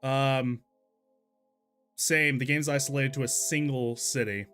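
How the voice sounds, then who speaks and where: A man's voice: medium pitch, fairly even intonation, takes it slowly, a bit bright, clean tone, soft background music. A young man from Texas streaming a game, chatting casually with his chat, laughing often and exclaiming in disbelief. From Texas, USA. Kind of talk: casual live-stream commentary while gaming and reading chat.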